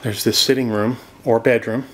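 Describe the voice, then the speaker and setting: Against a noisy background, a man speaks in a mid-range voice with fairly even intonation at a moderate pace. As a real estate vlogger on a casual, enthusiastic walking tour of a cabin by a creek, he talks to the viewer along the way and whispers softly once inside the log cabin.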